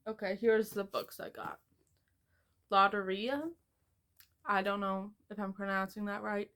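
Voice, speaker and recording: A woman's voice: medium pitch, animated, measured pace, a bit bright. A young American woman rambling casually and self-mockingly through a book haul, filling her talk with "like". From United States. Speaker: book vlogger.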